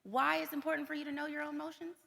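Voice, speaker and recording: A woman giving a conference keynote talk, energetic, repeating points for emphasis and checking in with the audience. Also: sits high, racing, gravelly. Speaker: keynote speaker. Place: large conference hall. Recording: long hall reverb.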